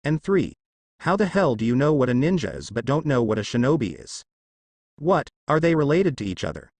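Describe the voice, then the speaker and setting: A man's voice: mid-range voice, sing-song, fairly quick, a little mellow, no echo. A man reading a story aloud and voicing a brash, cocky teenage ninja who talks bluntly and teases.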